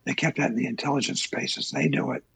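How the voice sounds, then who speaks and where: Gravelly, husky older man. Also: medium pitch, steady tone, a bit bright, dry recording, low-quality recording. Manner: slow, halting recollection with many uh fillers. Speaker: interviewee, former Navy pilot. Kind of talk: oral history interview.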